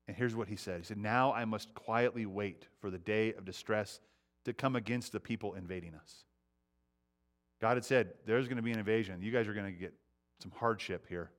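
A man preaching a sermon, shifting between hushed reflection and fervent appeals, often repeating his words as he goes. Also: on the low side, brisk. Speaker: pastor.

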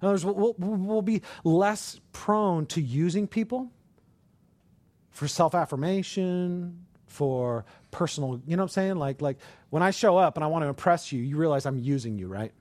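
A man preaching a sermon in a conversational way, asking the listeners rhetorical questions and rising to loud, emphatic passages. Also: fairly high pitch, moderate pace, dry recording.

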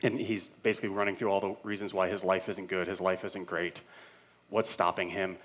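A middle-aged male pastor preaching a sermon with earnest, building repetition, swinging between loud and hushed passages. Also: low voice, flat delivery, a little fast. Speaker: senior pastor.

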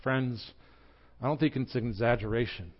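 Preaching at a moderate pace, a young Southern American pastor earnestly shares a personal story, his voice swelling and dropping in both pitch and volume. The recording has its highs cut off.

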